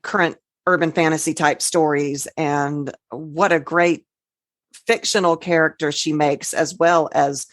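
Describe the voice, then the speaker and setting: Low-voiced woman telling witch stories. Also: fairly even intonation, unhurried, no room sound, clean studio sound. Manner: chatty storyteller, spells words out, trails off. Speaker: podcast co-host. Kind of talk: casual podcast chat.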